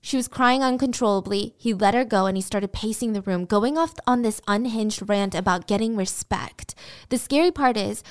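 A woman's voice: mid-range voice, normal speed. A woman retelling a true crime story in a casual, conversational way with personal asides.

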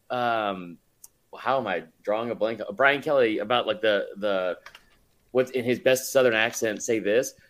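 A man's voice: medium pitch, fairly bright tone. Rambling, laughing male podcast guest. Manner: rambling, filler-heavy, laughs often. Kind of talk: casual chat.

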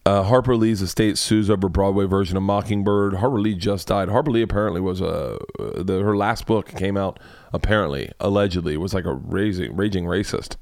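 A man's voice: low voice, a little mellow, no echo, clean studio sound. A man hosting a comedy podcast, rambling through celebrity news with lots of swearing. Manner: profane, rambling, quick asides. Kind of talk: casual comedy podcast rant.

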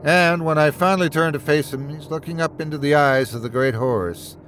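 A man narrating a first-person horror story in a measured, steady storytelling voice. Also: on the high side, a little hiss or hum.

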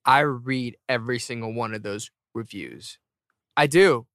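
A man's voice: mid-range voice, measured pace, fairly bright tone, no room sound, studio quality. A man in his thirties hosting a podcast, rambling and joking about himself while jet-lagged and tired. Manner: rambling, self-mocking, jokey. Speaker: podcast host. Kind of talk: casual chat, show outro.

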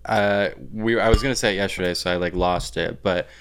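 A man's voice: deep voice, fairly even intonation, a little fast, a little hiss or hum. A young man co-hosting a podcast, telling a dream in a rambling, casual way with lots of fillers and swearing. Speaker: podcast co-host.

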